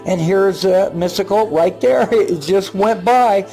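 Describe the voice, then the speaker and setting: An older man in a casual vlog, narrating his own video footage in a rambling, halting way, with repeated words and many fillers. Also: high voice, dark tone, soft background music. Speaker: paranormal video maker.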